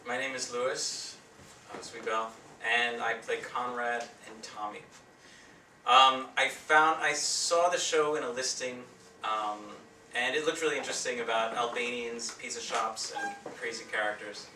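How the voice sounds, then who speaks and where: Joking actor with a very bright voice. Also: male voice, medium pitch, a little slow. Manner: joking, lively delivery. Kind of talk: post-show interview. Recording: roomy, from far off, light noise.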